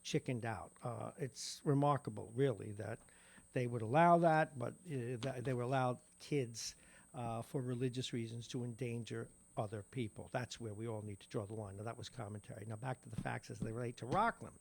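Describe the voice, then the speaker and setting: A man's voice: mid-range voice, fairly even intonation, moderate pace, creaky, a little mellow. A man with a New York accent hosting a morning radio show, reading local news with wry asides. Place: radio studio.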